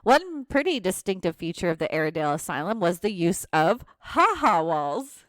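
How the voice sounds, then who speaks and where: A woman shares haunted-place history in a loose, chatty way, breaking off to laugh and comment. Her voice swoops widely in pitch as she tells it. The sound is dry and close, with no room around it. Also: fairly quick, no room sound. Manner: animated storyteller, laughs often, asides. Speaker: podcast co-host telling ghost stories. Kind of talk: casual chat, reading history notes.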